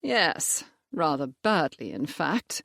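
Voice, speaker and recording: A genial older village rector speaks gently in an audiobook, voiced by the narrator. His gravelly voice sits close and dry, without any room echo. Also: fairly high pitch, very animated, slow, full character voice. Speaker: character in an audiobook. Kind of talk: audiobook character voice.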